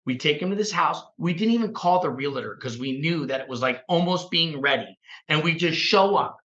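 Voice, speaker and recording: Animated man telling a story, echoey. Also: a little high, fairly quick. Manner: animated, acts out quoted dialogue. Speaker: realtor guest on a real estate podcast. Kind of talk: casual storytelling. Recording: echoey room, dull lo-fi sound.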